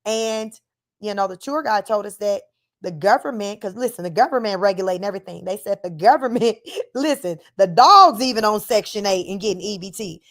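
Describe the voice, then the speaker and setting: A woman from Northern California hosts a relaxed livestream. She reads comments aloud and riffs on them, chatty and animated, with easy laughter running through her talk. Her voice sits at a middle pitch for a woman. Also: fairly quick. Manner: animated, chatty, laughs while talking, addresses viewers as y'all and child. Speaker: livestream host reading viewer comments. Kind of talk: casual chat.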